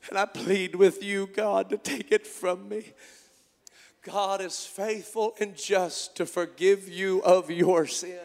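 A man preaching a sermon, moving between quiet storytelling and shouted, impassioned calls. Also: high-pitched, fairly even intonation, slow, vocal fry, in a large hall. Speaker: pastor. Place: church.

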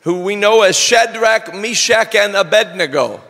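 A man delivers a sermon in a high, bright, forceful voice with a gravelly edge. He speaks slowly and deliberately and rises into shouted declarations. The sound carries a long reverb like a large hall. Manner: slow, deliberate preaching that builds to shouting. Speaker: preacher.

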